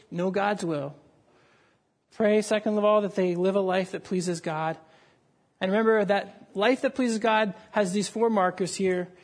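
A man's voice: high-pitched, a little mellow. A man preaching a sermon, telling a story with dramatic rises and falls. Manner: dramatic storytelling, voices raised for the crowd.

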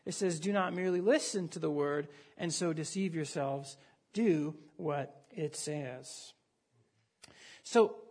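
A male pastor preaching a sermon in an animated, conversational way, often restarting his sentences. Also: sits high, slightly rough.

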